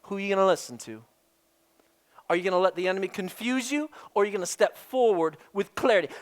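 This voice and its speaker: A male pastor preaches emphatically, repeating a key phrase as his delivery swings from loud and raised to hushed and quiet. His voice sits high, and he talks fast and expressively.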